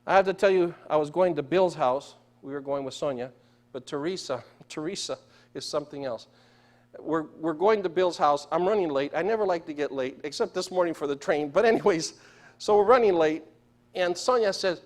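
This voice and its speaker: Male preacher, high voice, storytelling sermon that keeps checking in with the congregation. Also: normal speed. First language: Spanish. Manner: storytelling, asks the congregation questions. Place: church sanctuary.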